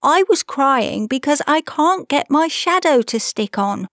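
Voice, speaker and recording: A woman's voice: high voice, expressive, a little slow, a bit bright, no echo, studio quality, voice pushed up, full character voice. A woman voicing a proud, cocky young boy in an audiobook, speaking curtly and boastfully. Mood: indignant. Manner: boastful and curt. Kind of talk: audiobook character voice.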